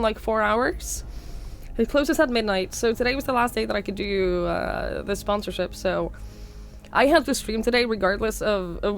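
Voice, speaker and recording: A young Norwegian woman with a slight accent chats casually on a live stream, thanking viewers by name. Her medium-pitched voice is hoarse because she is sick with a sore throat.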